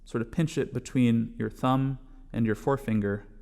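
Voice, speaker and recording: A man teaching a bodhrán class, patiently explaining strokes step by step and calling them out loudly as he plays. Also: mid-range voice, fairly even intonation, moderate pace, gravelly. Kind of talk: music lesson, counting along with drumming.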